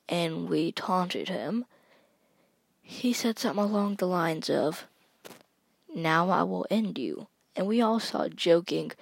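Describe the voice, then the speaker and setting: Slow, gravelly-voiced woman telling a spooky story. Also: on the low side, no echo. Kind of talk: spooky first-person story narration.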